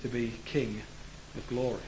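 A man preaching a sermon in a church, earnest, rising to emphatic declarations and letting phrase ends fall low. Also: flat delivery, moderate pace, darkish tone. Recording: echoey room with faint background noise.

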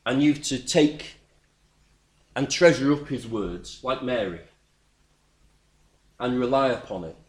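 A man's voice: medium pitch, lively intonation, takes it slowly, pauses often. A man preaching a sermon, earnest and emphatic, repeating words as he builds his points.

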